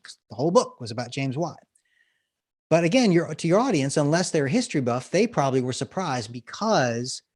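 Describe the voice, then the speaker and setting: Interviewed on a podcast, a man who coaches business storytelling breaks down techniques and illustrates them with a story. He's animated, laughs a lot, and has a mid-range voice.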